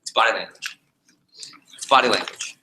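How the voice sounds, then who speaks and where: A man teaching a live sales training session, animated and jokey, repeating his key points to the group. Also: fairly low pitch, moderate pace, vocal fry, reverberant, a little hiss or hum, poor audio. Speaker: sales trainer leading a workshop.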